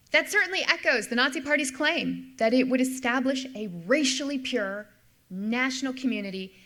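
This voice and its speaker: A woman's voice: medium pitch, pushed and bright. A middle-aged woman, a history professor, giving an explanatory lecture and repeating key points for emphasis. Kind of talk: lecture with slides.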